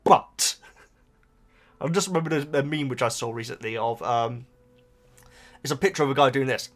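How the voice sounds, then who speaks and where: A man's voice: mid-range voice, moderate pace. A young man with a slight Bristolian accent, talking casually and at length to his viewers, often breaking into laughter. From Oxfordshire, England. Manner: chatty, rambling, often laughing, addresses the viewers as guys. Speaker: book vlogger. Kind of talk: casual chat.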